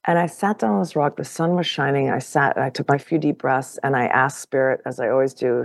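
A woman guest on a podcast telling a personal story in casual conversation. She is animated, laughs often and repeats words as she goes. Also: a bass voice, brisk, vocal fry, no echo, studio quality.

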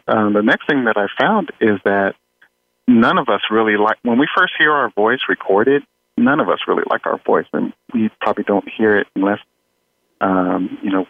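A man, an audio engineer guest in an interview, talking in a relaxed way with frequent fillers and small laughs. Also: lowish voice, moderate pace, gravelly. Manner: relaxed, chuckling, many fillers. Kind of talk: conversational interview. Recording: tinny phone-like line.

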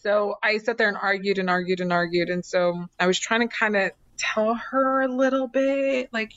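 A woman's voice: medium pitch, normal speed, hardly any pauses, fairly bright tone, dry recording, highs cut off. A woman telling a personal story as a psychic guest, acting out voices and repeating phrases for effect. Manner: dramatic, acts out quotes, repeats phrases. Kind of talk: animated storytelling in conversation.

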